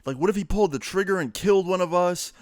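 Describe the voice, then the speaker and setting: A furious young man shouts and curses in a raised, strained pitch, as a man acts him out. His voice stays smooth and up close. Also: fast, no echo, close to an everyday voice. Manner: shouting, cursing, exasperated.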